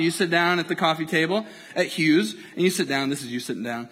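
A man preaching a sermon, animated and playful, acting out scenes in comic voices. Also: sits high, fast talker, few pauses, long reverb tail. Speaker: pastor.

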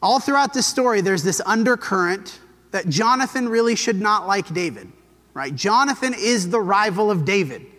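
Telling a Bible story at normal speed, a man with a voice that sits high keeps things relaxed and conversational, briefly performing each quote. A long reverb tail trails his words.

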